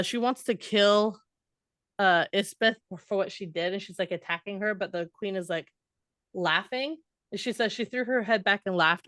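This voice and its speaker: Woman, podcast co-host, casual book talk, reads excerpts aloud, smooth voice, dry close sound. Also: medium pitch, fairly bright tone, dry recording.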